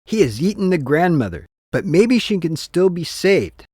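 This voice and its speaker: A man's voice: high voice, very animated, a little mellow, breathy edge, no echo, studio quality, pitched above the performer's own voice, full character voice. A man voicing an adult male hunter thinking aloud in a storybook reading. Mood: resolute. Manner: brisk, murmured thought.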